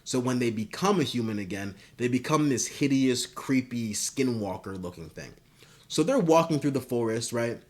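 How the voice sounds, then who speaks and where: A man pitching a story idea in casual, rambling talk, swearing and filling gaps with "uh" and "like". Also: expressive, normal speed, darkish tone. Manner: rambling and profane, with many fillers. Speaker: video creator.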